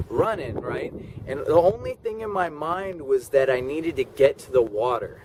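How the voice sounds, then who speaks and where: A man's voice: a little high, expressive, normal speed, noisy background. A man telling a personal story in a rambling way, full of "like" and "okay?" asides. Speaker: vlogger.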